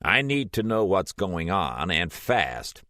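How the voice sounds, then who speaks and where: A man's voice: low voice, sing-song, slow, pushed and bright, no echo, studio quality, voice pushed up, exaggerated voice. A man voicing a worried professor who speaks with urgency and authority. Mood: urgent, commanding. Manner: urgent and commanding. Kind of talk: audiobook character voice.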